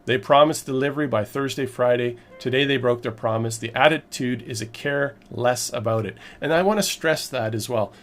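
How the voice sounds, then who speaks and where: A man tells his story straight to the camera in a loose, rambling vlog style. His voice sits in an ordinary middle pitch, and his emphatic, exasperated delivery keeps the telling lively. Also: moderate pace, hardly any pauses, soft background music. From Canada. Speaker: vlogger recounting a purchase.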